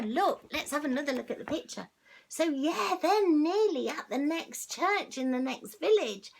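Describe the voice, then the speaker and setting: Granny reading a kids story, high bright voice, bit gravelly, chats along to the little ones. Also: female voice. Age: older. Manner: animated, chatty asides to the listener. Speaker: grandmother reading a story aloud. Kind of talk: children's story read-aloud.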